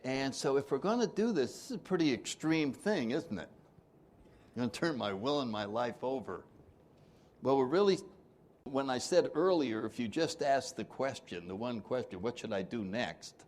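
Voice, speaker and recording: A man's voice: medium pitch, expressive, normal speed, a little mellow, slight background noise. A man leading a twelve-step recovery workshop, joking with the room and acting out the people he quotes. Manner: jokey, acts out quoted voices, laughs often.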